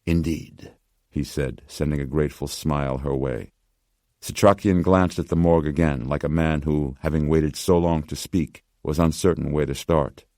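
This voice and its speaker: Male audiobook narrator, extremely low, steady, dry booth sound. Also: no room sound. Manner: measured, steady storytelling. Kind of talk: scripted narration.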